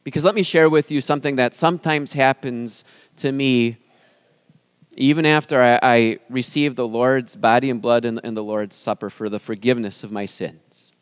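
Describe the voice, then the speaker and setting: A pastor giving an earnest sermon, speaking with emphasis and dramatic pauses. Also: male voice, mid-range voice, steady tone, smooth, no room sound.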